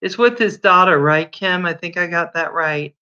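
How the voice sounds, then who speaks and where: A woman's voice: fairly low pitch, moderate pace, bright, forceful tone, smooth, lo-fi sound. A woman hosting a casual livestream, chatting with viewers by name and telling stories. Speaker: livestream host.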